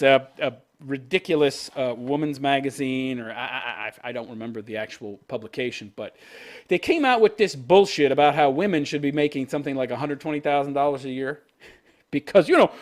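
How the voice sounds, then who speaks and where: A man's voice: a little high, a bit bright. A man hosting his channel, ranting in profane, scornful commentary. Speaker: channel host.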